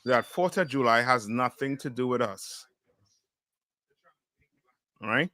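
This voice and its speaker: A man's voice: mid-range voice, expressive, takes it slowly, bright, forceful tone. A man teaching a class in call-and-response style, firing questions and often asking "you know what I mean?".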